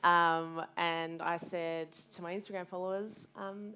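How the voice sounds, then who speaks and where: Aussie woman in her 30s telling her story at a live event, lowish voice, blunt, swears a lot. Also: unhurried, few pauses, clear, resonant tone. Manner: frank and animated, swears freely, quotes herself. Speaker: guest speaker, fitness business owner.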